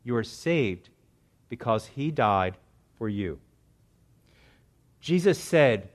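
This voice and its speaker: A male pastor preaching a sermon, building to loud, dramatic swells and dropping to hushed, quiet lines. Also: medium pitch.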